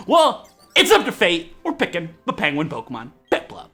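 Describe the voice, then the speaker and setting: Loud, excitable young-sounding man gaming. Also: on the high side, normal speed, soft background music. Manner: loud, jokey, swings into shouting. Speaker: Let's Play host. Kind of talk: excitable gameplay commentary. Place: at home.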